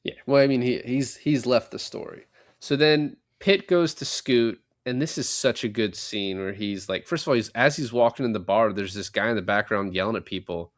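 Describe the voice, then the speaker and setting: A young man talks through a movie plot on a casual podcast. He curses often and slips into quick impressions of the characters as he retells each scene. His voice sits at an ordinary middle pitch. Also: dry recording, clean studio sound. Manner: animated retelling, swears a lot, acts out lines. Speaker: podcast co-host. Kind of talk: casual movie recap chat.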